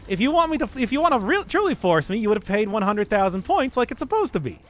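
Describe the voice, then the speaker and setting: High, lively-voiced teasing male streamer. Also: fast talker. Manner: wry, teasing banter with chat. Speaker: streamer reading chat requests. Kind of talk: casual live-stream chat.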